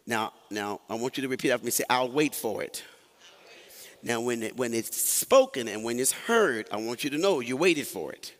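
A male pastor delivers a sermon in a church sanctuary, mixing folksy jokes with call-and-response to the congregation. His voice sits at a middle pitch. A long hall reverb trails behind each phrase. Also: lively intonation, moderate pace.

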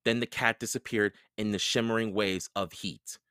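A man reading a children's book aloud, narrating in a slow, expressive storytelling way. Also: lowish voice, clean tone, no echo, studio quality.

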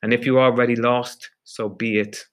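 A man reading a story aloud, voicing a furious male prison official who shouts contemptuously at a newcomer. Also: mid-range voice, little pitch movement, a little fast, natural voice. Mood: scornful.

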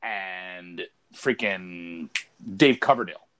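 Guy with a lowish voice telling a long rambly story on a podcast, lots of uh and um. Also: slow, fairly bright tone, a little hiss or hum. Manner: rambling storyteller, many fillers and restarts. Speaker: podcast co-host. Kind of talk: casual chat.

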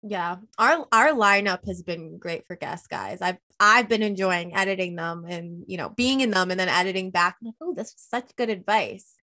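A young woman in her twenties co-hosting a podcast, chatting in an animated way with lots of fillers. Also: on the low side, moderate pace, hardly any pauses. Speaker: podcast co-host. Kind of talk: casual chat.

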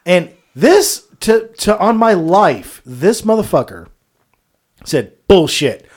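A man's voice: high-pitched, sing-song, slow, a little mellow. Profane man telling stories with laughs. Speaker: podcast co-host. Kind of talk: casual storytelling chat.

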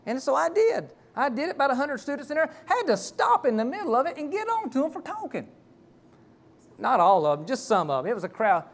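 A middle-aged man preaches from the pulpit. His voice sits high for a man. He tells his story in a folksy, rambling way, full of restarts and asides. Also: huge pitch swings, fairly quick. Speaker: pastor. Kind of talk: sermon with personal story.

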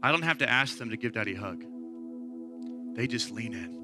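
A man's voice: medium pitch, lively intonation, fairly quick, loud music behind the voice. A man in his thirties, a pastor giving an earnest, conversational sermon. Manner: earnest, conversational preaching that rises to impassioned.

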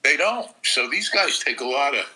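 Middle-aged podcast co-host, very bright and sharp tone, casual and reactive. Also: male voice, mid-range voice, lively intonation, normal speed, rough recording. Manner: casual, short reactive remarks. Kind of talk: casual chat.

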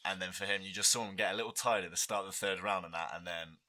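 A man joining a casual podcast chat, easygoing and quick to laugh along. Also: low voice, fairly even intonation, pushed and bright. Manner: easygoing, laughs and agrees often.

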